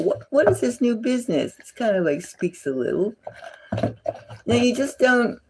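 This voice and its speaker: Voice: medium pitch, darkish tone, a little hiss or hum. A psychic tarot reader giving a casual gossipy reading, indignant and repetitive, sometimes dropping to a whisper.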